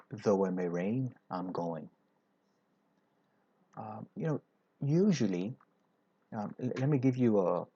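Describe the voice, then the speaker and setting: A man's voice: lowish voice, darkish tone, no room sound, dull audio. A man teaching an English grammar lesson. He explains patiently, step by step, and often checks in with "right?".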